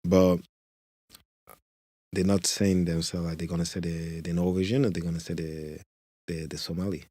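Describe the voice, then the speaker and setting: Man, podcast host, native French speaker, low mellow voice, hesitant, filler-heavy. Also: little pitch movement, moderate pace, dry recording, clean studio sound. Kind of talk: conversational interview.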